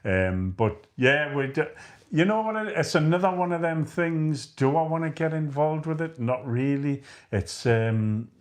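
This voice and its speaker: A man's voice: a little high, animated, a little slow. A middle-aged man with a chatty, rambling, self-mocking way of talking, co-hosting a casual live chat. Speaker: co-host of a live chat stream.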